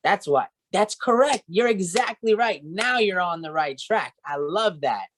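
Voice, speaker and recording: A man's voice: sits high, expressive, measured pace, fairly bright tone, a little hiss or hum. A man training a sales team, coaching and encouraging, often checking in with "right?" and "okay?".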